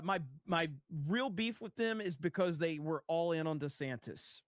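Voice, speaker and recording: A man's voice: fairly high pitch, no echo, clean studio sound. A man chatting casually on a live stream, reading out viewer donations with a loose, jokey, rambling manner full of fillers and the odd swear word.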